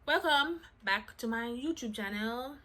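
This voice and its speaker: A woman's voice: fairly high pitch, expressive, measured pace, pushed and bright. A woman vlogger telling a casual storytime to her viewers in a chatty way, full of "like" fillers and self-mocking asides.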